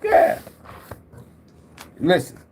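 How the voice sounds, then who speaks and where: A man's voice: drawn-out words, darkish tone, slight background noise. A middle-aged man hosting a tarot livestream, talking in a rambling, preacher-like way, swearing freely and addressing viewers directly. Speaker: tarot reader and livestream host.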